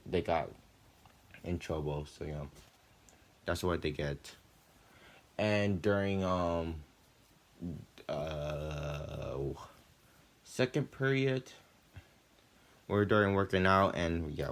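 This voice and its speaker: A teenage boy with a notably deep, low voice talks through his school day as a casual vlog. He rambles along, filling every gap with "like" and "you know", and lifts his pitch and volume whenever he retells a scene. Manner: loose and chatty, full of "like" and "you know"; often animated, with jumps in pitch and volume when retelling. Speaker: student vlogger.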